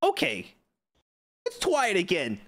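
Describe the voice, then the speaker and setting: Lively joking male game streamer. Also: sits high, measured pace. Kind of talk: casual game commentary.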